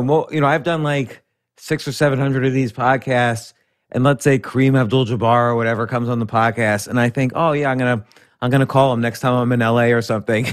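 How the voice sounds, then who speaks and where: A man hosting a podcast, talking in a loose, rambling way with restarts. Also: medium pitch. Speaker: podcast host. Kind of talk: casual conversation.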